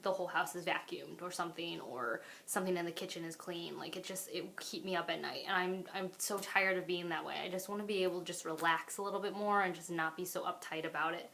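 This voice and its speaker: A young woman vlogging from home in a low-pitched voice, talking openly and meandering from thought to thought. She fills her sentences with "like" and "I don't know" as she speaks straight into the camera. The delivery is loose, personal and unscripted. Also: fairly even intonation, fast talker, creaky, hardly any pauses, fairly bright tone, a little hiss or hum. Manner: rambling, candid, full of "like" and "I don't know". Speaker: vlogger and mother. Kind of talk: candid talk to camera.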